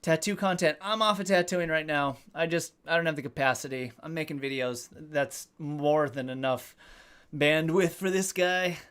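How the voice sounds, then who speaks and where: A man's voice: fairly high pitch, normal speed, a bit bright, clean tone. Joking male live-stream host. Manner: joking, self-deprecating, swears casually. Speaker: livestream host. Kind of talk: casual live-stream chat reading comments.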